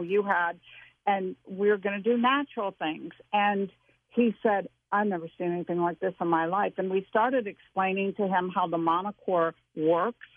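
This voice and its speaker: An older woman tells a personal story as a guest, earnest and animated, circling back with restarts. Her voice sits at a middling pitch. It comes through a dry, narrow phone line. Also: dry recording. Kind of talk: casual storytelling interview.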